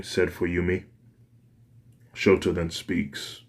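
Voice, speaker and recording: Man, narrator, fan story, deep voice, slow pace, plain reading. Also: fairly even intonation, a little mellow.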